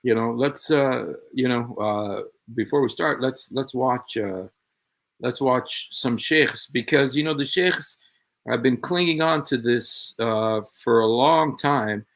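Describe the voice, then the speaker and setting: A man's voice: medium pitch, slow pace, vocal fry, a bit bright. A man hosting a show, commenting on played clips, sarcastically repeating quoted phrases and speaking directly to an absent opponent. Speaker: show host.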